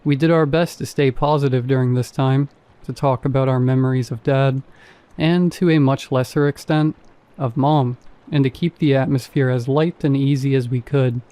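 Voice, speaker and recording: Calm man with a mellow voice. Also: medium pitch. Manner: calm, measured reading. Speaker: horror story narrator. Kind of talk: scripted narration.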